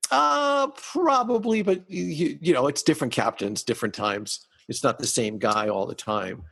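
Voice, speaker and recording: Husky male podcast host, animated storyteller, slightly raised pitch, reverberant room. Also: normal speed. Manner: animated storyteller acting out dialogue. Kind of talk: casual storytelling chat.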